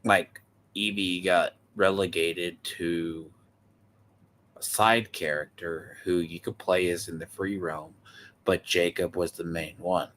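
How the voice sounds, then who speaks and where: A man's voice: low-pitched, steady tone, slow, fairly bright tone, slight background noise. A man hosting a reaction video, giving opinionated casual commentary and checking that his friend agrees. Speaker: video host reacting to a clip.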